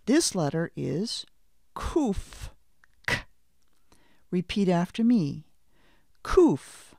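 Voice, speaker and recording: A middle-aged woman teaching a language lesson, slowly and deliberately saying letter names and asking the listener to repeat after her. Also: low voice, a little mellow, no echo, clean studio sound. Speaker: Hebrew teacher. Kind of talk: slow, careful language lesson with repetition drills.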